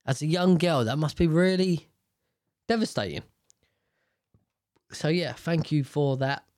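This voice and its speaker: Podcast host, unhurried delivery, dry close sound, blunt and outspoken. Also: male voice, on the high side, darkish tone, dry recording. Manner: blunt, outspoken, swears freely. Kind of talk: casual commentary.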